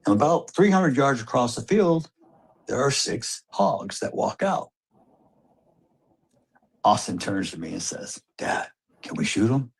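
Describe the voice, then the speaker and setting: A man's voice: mid-range voice, very animated, unhurried, creaky, long pauses, slightly rough. A man telling a hunting story as a father, recounting it vividly and acting out the exchanges. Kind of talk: recorded storytelling.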